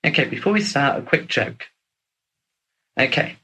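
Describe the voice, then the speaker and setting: A man's voice: on the high side, lively intonation, measured pace, bright, forceful tone, low-quality recording. A man hosting a session, telling a long joke in a casual, chatty way. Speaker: host.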